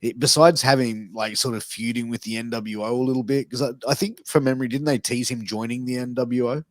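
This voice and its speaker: A man's voice: medium pitch, fairly even intonation, a little fast, no echo. A man co-hosting a podcast, chatting casually and a little hesitantly. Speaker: podcast co-host. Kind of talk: casual chat.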